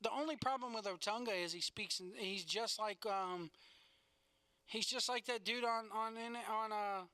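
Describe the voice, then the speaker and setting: A man's voice: sits high, moderate pace, bright, forceful tone, smooth, dry recording. A man co-hosting a casual podcast, ranting bluntly with plenty of swearing. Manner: blunt, profane, opinionated rants. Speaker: podcast co-host. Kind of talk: casual wrestling chat.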